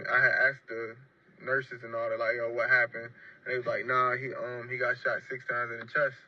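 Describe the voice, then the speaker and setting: In a played clip, a man with a mid-range voice tells a personal story casually but emphatically, often repeating his phrases. The sound is lo-fi.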